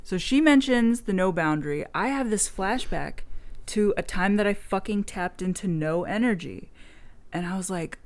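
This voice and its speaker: A woman's voice: medium pitch, normal speed. A woman video blogger in casual chat, telling a rambling story frankly and swearing freely.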